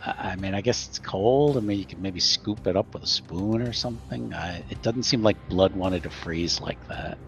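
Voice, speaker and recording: A man's voice: low voice, moderate pace, creaky, few pauses. A man voicing a hesitant male servant who talks unsure, in short restarts. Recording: muffled audio with faint music.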